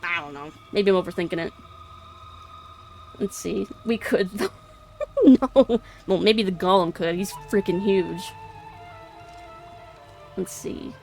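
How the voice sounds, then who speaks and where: A woman's voice: medium pitch, slow pace, gravelly, pauses often, darkish tone, faint music behind. A young woman streaming a video game, chatting casually and giggling often as she rambles and corrects herself. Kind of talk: casual gaming commentary.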